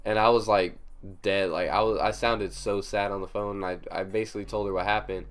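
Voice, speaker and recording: A young man telling a story on his vlog, animated and emphatic, with lots of fillers. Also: lowish voice, fairly quick. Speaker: vlogger.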